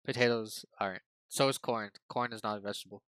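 A young man co-hosting a casual podcast, chiming in quietly with nerdy corrections. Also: fairly low pitch, fairly even intonation, fast, smooth. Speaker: podcast co-host. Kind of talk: casual chat.

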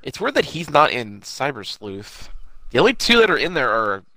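Young guy on a podcast, bright voice, bouncy pitch, dry close sound, swears a lot. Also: very animated, moderate pace, no room sound. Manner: loose and profane, acts out characters in bursts. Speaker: podcast co-host. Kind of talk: casual chat recapping an anime episode.

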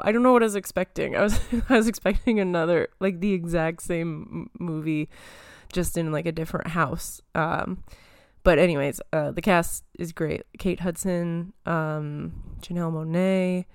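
A woman's voice: on the low side, moderate pace, clean tone, no echo, studio quality. A young woman hosting a casual pop-culture podcast, rambling with lots of fillers and giggles, a little phlegm in her throat. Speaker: podcast host.

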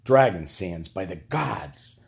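Cunning court magician, older male, quietly theatrical and calm, as voiced by a male narrator. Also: low voice, slow, gravelly, full character voice. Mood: calm, sly.

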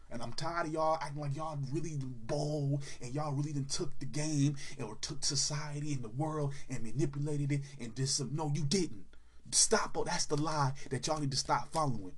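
A man rants about music with a husky, slightly rough voice. He talks bluntly and profanely, and grows heated. His pitch sits in the ordinary middle range. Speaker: music commentator. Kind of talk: ranting opinion monologue.

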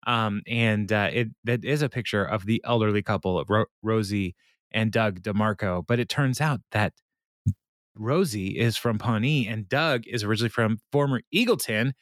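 A man's voice: fairly low pitch, normal speed, no echo. Podcast guy rambling thru an episode recap, lots of ums and laughs, dry mic. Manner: laughing, rambling with many fillers. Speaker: podcast co-host.

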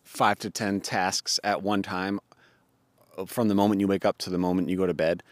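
A man with a fairly low voice, co-hosting a casual podcast. He explains fitness ideas thoughtfully, pausing on fillers as he works through his points. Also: fairly even intonation, dry recording. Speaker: podcast co-host.

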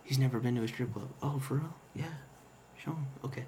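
A young man in casual chat, telling stories with lots of swearing and animated laughter. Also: mid-range voice, fast talker, slight background noise. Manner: swears a lot, animated storytelling.

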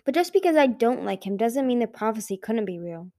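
A woman reading as a frustrated, hurt young female dragon. She speaks emphatically and bitterly in a mellow voice that jumps higher when she is upset. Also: very animated, a little fast, no echo, studio quality.

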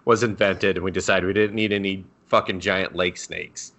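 A man's voice: low-pitched, normal speed. A man co-hosting a podcast in casual chat, recapping a show, laughing, swearing and acting out quoted characters. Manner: animated, playfully acts out quoted characters, swears and laughs often. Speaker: podcast co-host.

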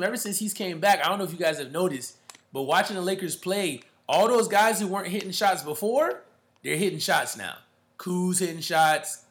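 Male host, slightly high bright voice, slangy emphatic sports chatter. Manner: emphatic, slangy, calls listeners bro. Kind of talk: casual sports talk.

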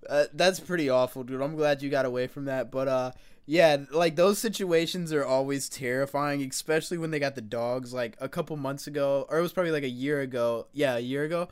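A man's voice: mid-range voice, fairly quick, hardly any pauses, smooth. A man hosting a casual chat with a laid-back way of talking.

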